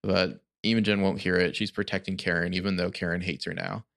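Guy with a lowish voice rambling thru a tv recap, lots of likes and restarts. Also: little pitch movement, a little fast, creaky, fairly bright tone. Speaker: podcast co-host. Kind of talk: casual chat recapping a TV episode.

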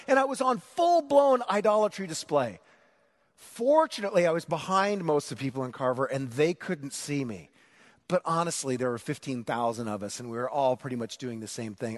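A middle-aged pastor with a high-pitched voice preaches a sermon, telling an animated, self-mocking story about himself and acting out the shouting.

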